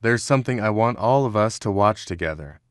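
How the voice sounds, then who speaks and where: A man voicing a composed matriarch who runs the family company, in an even, measured delivery. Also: on the low side, clean tone, no room sound, clean studio sound, close to an everyday voice.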